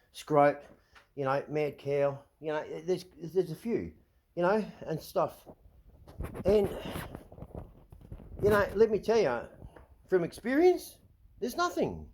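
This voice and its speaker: A middle-aged Australian man rants into the camera, slightly higher-pitched than most men, agitated and swearing freely. He trips over his words, repeating and restarting as he vents. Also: darkish tone. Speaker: vlog host. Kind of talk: ranting monologue.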